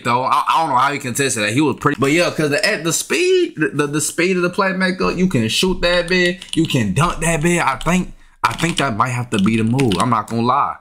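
A young man comments on his own gameplay in a bright, animated voice that swoops up and down. He talks casually and keeps trash-talking, jumping into sudden yelps of frustration. Faint keyboard and mouse clicks sit behind him at a home desk mic. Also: medium pitch, slight background noise. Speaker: gaming YouTuber.

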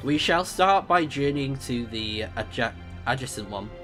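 A man's voice: medium pitch, expressive, measured pace, music in the background, close to an everyday voice. Guy reading out a polite robot ship guy, stiff and formal, trips on words sometimes. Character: formal, dutiful male starship AI. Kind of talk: reading game dialogue aloud.

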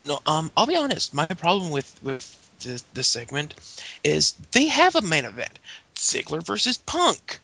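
Gravelly, husky man on a podcast. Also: on the high side, huge pitch swings, measured pace, pushed and bright. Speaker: podcast co-host. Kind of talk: casual wrestling chat.

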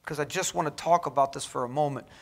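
A man's voice: fairly high pitch, quick pace, gravelly. A man preaching a sermon in a college chapel, earnest and exhorting, pressing his points with rhetorical questions.

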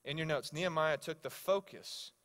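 A male pastor preaching a sermon, telling stories with animated swings between loud exclamations and hushed asides. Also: on the high side, moderate pace. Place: church sanctuary.

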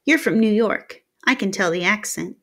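A woman's voice: medium pitch, moderate pace, natural voice. A woman voicing a cocky, self-assured teenage boy from a small town, brash, teasing and slangy.

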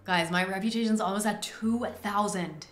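A woman streaming a courtroom game, playfully judging suspects with theatrical outbursts. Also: mid-range voice. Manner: theatrical, quick swings into loud exclamations. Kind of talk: playful gaming commentary. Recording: roomy echo with faint music.

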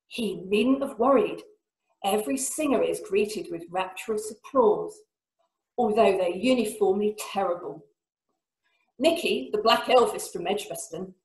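A woman author reads a passage from her novel over a video call. She lifts her voice high and loud for shouted lines. The sound comes from an echoey room. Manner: lively reading, voicing shouted lines with big pitch jumps. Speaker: author giving a reading. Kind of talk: reading aloud from her novel.

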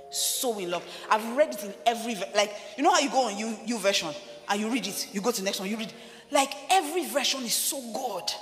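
A woman pastor, preaching a sermon in a chatty, animated way and talking straight to the congregation. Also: medium pitch. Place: large church hall. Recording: long hall reverb with faint music.

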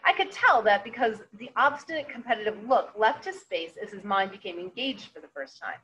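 A woman teacher reading a novel aloud to her class, in an expressive read-aloud manner. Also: medium pitch, brisk, few pauses, lo-fi sound, a little hiss or hum.

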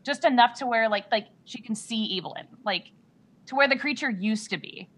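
A woman playing a tabletop game, who talks in a halting, giggly way with lots of fillers. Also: on the high side, fairly bright tone. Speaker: player. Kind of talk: casual tabletop play.

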